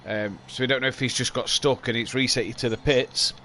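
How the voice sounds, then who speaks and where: A man's voice: mid-range voice, fairly even intonation, a little fast, sharp tone, slight background noise. A young man hosting a live sim-racing stream, chatting and explaining at length while sleepy from hours on air. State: sleepy, late in an endurance stream. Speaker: stream host. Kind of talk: casual live-stream chat about a sim race.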